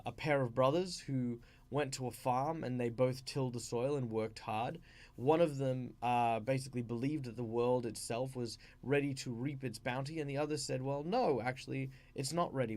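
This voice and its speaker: An Australian man explains tabletop role-play tips in a loose, conversational way. His pitch sits in the middle range, and he often stops to restart his sentences. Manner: rambling, with frequent fillers and restarts. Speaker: channel host.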